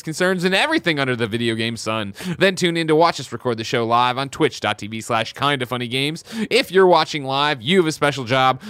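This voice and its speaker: A man's voice: fairly high pitch, smooth, no room sound, studio quality. Upbeat man in his thirties hosting. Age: 30s. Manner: energetic, upbeat show patter. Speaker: show host. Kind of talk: casual podcast chat.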